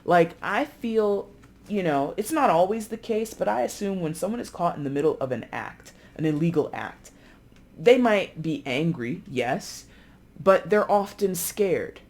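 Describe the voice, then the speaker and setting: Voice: medium pitch, animated, measured pace, a little mellow. A tarot reader speaking casually to camera, chatty and loose, often acting out the lines of imagined people. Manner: loose, with frequent fillers and self-corrections.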